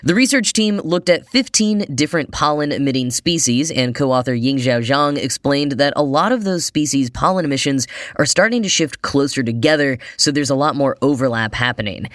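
A man's voice: medium pitch, a bit bright, no room sound. Man, news podcast host, slightly nasal and strained, conversational script reading, wry asides, dry close sound. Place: New York.

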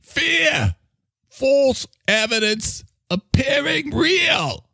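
A man voicing a cheery male spirit with a muddled fake Australian, Cockney and pirate accent, drawn-out and booming. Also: big pitch swings, sharp tone, no echo, full character voice. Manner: bellowing, drawn-out, over-the-top cheer. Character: cheery male spirit, mangled accent, spouts recovery slogans.

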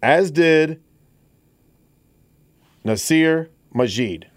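A man's voice: on the high side, animated, drawn-out words, dry recording. A man in his fifties hosting a talk radio show, talking in a conversational, rambling way with frequent restarts. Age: 50s. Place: radio studio.

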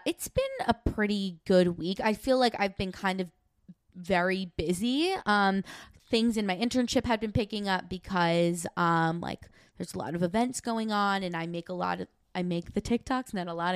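A young woman co-hosting a podcast, chatting loosely and rambling with lots of fillers. Her voice is smooth and clear, recorded close and dry with no room sound. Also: lowish voice, no room sound. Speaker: podcast co-host. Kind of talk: casual chat.

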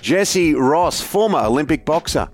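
A man's voice: a little high, lively intonation, unhurried, over music. An Australian man hosting a sport radio show, chatting casually and laughing often as he talks. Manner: jovial, laughs often while talking.

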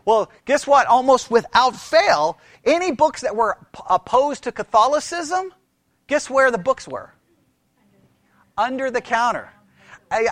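A man's voice: very high voice, lively intonation, moderate pace, fairly bright tone, dry recording. A man lecturing a Bible class in a conversational way, quizzing his listeners and repeating key phrases.

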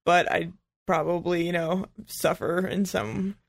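A woman co-hosting a casual podcast with a dry, deadpan manner. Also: lowish voice, a little slow, vocal fry, no echo. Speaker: podcast co-host. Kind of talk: casual chat.

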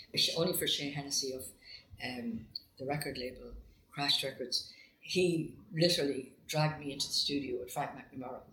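An older Irish woman, a singer, telling stories from her life in a relaxed interview. She acts out the voices of the people she quotes and often breaks into laughter. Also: sits low, slight background noise. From Ireland. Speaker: guest singer. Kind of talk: conversational storytelling. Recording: roomy echo with faint ambience.

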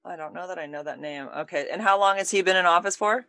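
A woman's voice: on the low side, fast talker, bright, forceful tone, no echo. A woman hosting a podcast, talking in a casual, effusive and chatty way with her guest. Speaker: podcast host. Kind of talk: casual interview chat.

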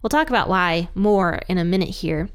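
A woman's voice: lowish voice, normal speed, clear, resonant tone. A woman hosting a Bible study, explaining scripture in a chatty way with light laughs between points. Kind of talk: casual Bible teaching.

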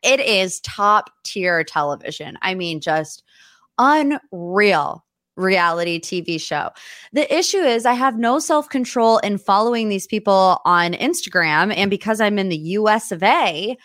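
A woman's voice: mid-range voice, expressive, unhurried, a bit bright. A bubbly young woman hosts her pop culture podcast from a home studio office. She talks in a loose, chatty way and laughs often. The sound is dry and close, with no room echo. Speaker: podcast host. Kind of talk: casual pop culture chat.

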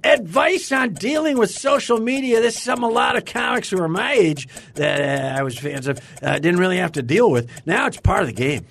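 A man's voice: high-pitched, animated, a little fast, creaky, few pauses, a bit bright. A man hosting a casual comedy podcast, asking questions and teasing his guest. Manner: joking, teasing, asks questions. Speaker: podcast host.

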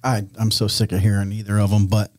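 A man's voice: fairly low pitch, monotone, fast, darkish tone, dry recording, clean studio sound. A man co-hosting a casual podcast, easygoing, reading listener comments aloud and chiming in. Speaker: podcast co-host reading chat. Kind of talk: casual chat. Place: office studio.

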